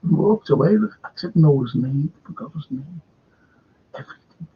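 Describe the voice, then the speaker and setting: Rambling through sweary stories as a show host, this older Liverpudlian speaks at normal speed in a slightly rough, somewhat high voice with lively intonation. It's a casual podcast chat in a dull lo-fi recording.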